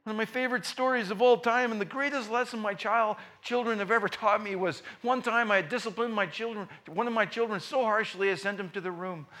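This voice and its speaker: Bright, forceful preacher man. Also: high-pitched, steady tone, fairly quick, few pauses. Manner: storytelling with joking asides, swings between loud and soft. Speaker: pastor. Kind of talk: sermon.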